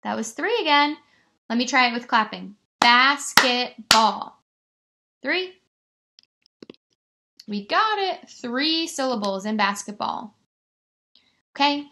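A woman teacher giving a remote lesson to young children, stretching words out slowly and encouraging them. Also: on the high side, animated, a bit bright. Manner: slow, exaggerated word-stretching, encouraging.

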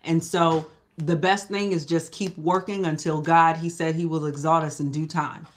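A Bible study teacher leading a live church lesson, with a voice sitting at an ordinary middle pitch. The delivery is relaxed and conversational. The teacher keeps checking in with the group and sometimes backs up to rephrase a thought. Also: moderate pace. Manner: conversational, often asks "you know?"; restarts and self-corrections.

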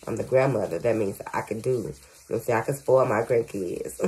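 A woman's voice: rumbling low, fairly quick, warm tone. A grandmother working as a psychic medium, giving a casual reading to viewers with frequent stutters, fillers and "y'all". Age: older.

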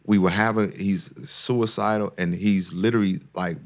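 A man's voice: on the low side, fairly even intonation, normal speed, hardly any pauses. A man, a therapist and guest speaker, talking in a casual podcast conversation with an earnest, preacher-like cadence that climbs when he makes a point, often repeating words and restarting sentences.

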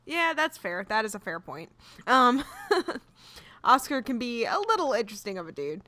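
A young woman rambling cheerfully through a farming game, giggly and quick to get flustered. Her voice is bright and sits fairly high, swinging widely in pitch. Soft background music plays under her chatter. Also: big pitch swings. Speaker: gaming YouTuber. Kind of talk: casual let's-play commentary.

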